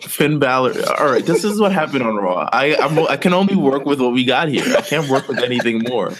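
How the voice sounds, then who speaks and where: A man's voice: mid-range voice, expressive, brisk, a crowd in the background. A man co-hosting a casual wrestling podcast, rambling through a story with lots of quoted asides. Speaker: podcast co-host.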